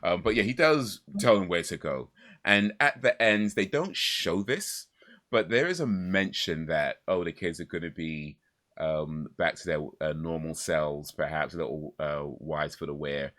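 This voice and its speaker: A man hosting a podcast, talking casually and rambling, with many restarts, fillers and quick laughs. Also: low-pitched, fairly bright tone. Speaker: podcast host.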